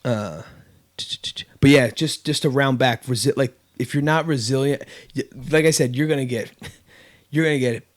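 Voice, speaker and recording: With lots of fillers and false starts, a man hosting a casual podcast chat works through a story; he's an adult with kids. He talks at a normal speed in a mid-range voice.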